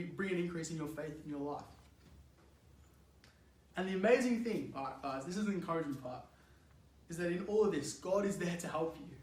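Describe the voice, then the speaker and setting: In a roomy space, a young Australian man with a fairly high-pitched voice gives a casual youth sermon. He tells a story in an animated, chatty way, laughing often and saying "like" a lot.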